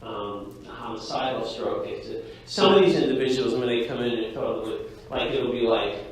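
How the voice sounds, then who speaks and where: A man's voice: mid-range voice, normal speed, distant mic. Man lecturing in an echoey hall. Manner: lively, jokey, addresses the class directly. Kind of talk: classroom lecture.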